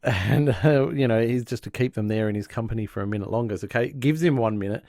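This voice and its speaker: A man's voice: medium pitch, quick pace, a little mellow, dry recording, clean studio sound. A man co-hosting a podcast, chattily recapping a sitcom episode and acting out the quotes. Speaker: podcast co-host.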